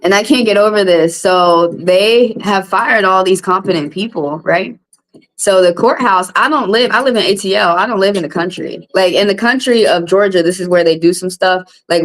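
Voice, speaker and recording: A woman, a tarot reader hosting a live stream, vents bluntly to her viewers with lots of swearing, her pitch climbing as she goes. She talks at a normal speed, and the recording is rough.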